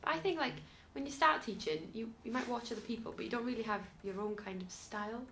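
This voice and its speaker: A woman teacher talking fast and earnestly about finding her own style. The room is echoey, with a faint hiss underneath. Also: fairly high pitch. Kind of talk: reflective interview talk.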